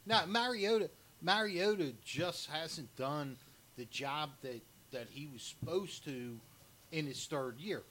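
A man on a sports panel, laying out his football picks in a measured way. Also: a little high, fairly bright tone, slight background noise. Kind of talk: casual sports banter.

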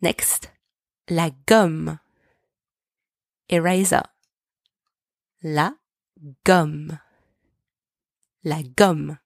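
Her voice lowish and touched with vocal fry, a woman who teaches French leads drills on her language podcast, enunciating each vocabulary word slowly so listeners can repeat it. The recording is dry and studio quality.

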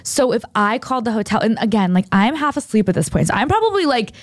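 Fast-talking and somewhat high-pitched, a young woman animatedly retells a long story on a podcast, rambling and stuffing it with "like." The recording is dry, clean studio sound.

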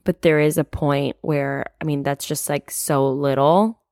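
A woman's voice: low-pitched, fairly even intonation, unhurried, a little mellow, dry recording, studio quality. A young woman hosting a candid solo podcast, talking openly about her feelings with lots of casual fillers and the odd swear. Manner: open, confiding, frequent "like" fillers, casual swearing. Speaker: podcast host.

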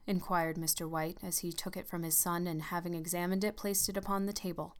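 A woman narrating a story in a measured, calm reading voice. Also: fairly low pitch.

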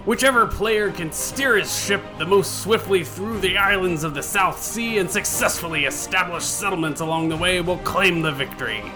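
A man putting on a pirate voice to read a game description with theatrical, drawn-out delivery. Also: sits high, music in the background, close to an everyday voice, low-quality recording. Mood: swaggering.

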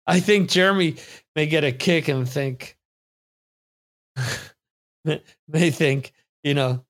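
Slow-talking man hosting a trivia stream. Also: fairly high pitch, a bit bright. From United States. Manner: rambling, chatty, reads viewer comments aloud. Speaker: trivia show host. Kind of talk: casual live-stream chat. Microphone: computer microphone.

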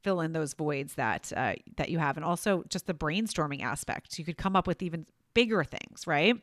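A woman hosting a podcast interview, telling stories in a chatty, animated way. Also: low-pitched, moderate pace, no room sound, studio quality. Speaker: podcast host. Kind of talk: casual interview chat.

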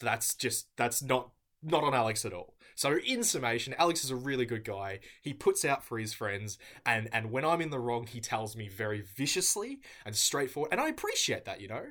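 A man giving a mock-earnest, deadpan comedic debate speech. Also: medium pitch.

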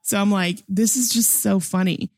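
A woman's voice: medium pitch, fairly even intonation, normal speed, a little mellow, dry recording, studio quality. A young adult woman chatting casually about a movie, enthusiastic and laughing often, with lots of fillers. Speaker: film discussion panelist. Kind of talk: casual film review chat.

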